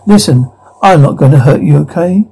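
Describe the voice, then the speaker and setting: A woman's voice: deep voice, expressive, moderate pace, vocal fry, mellow, husky, full character voice, poor audio. An actress playing a frightened mother in a TV drama, pleading urgently with a stranger and stumbling over her words. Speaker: mother in a crisis. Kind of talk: television drama acting.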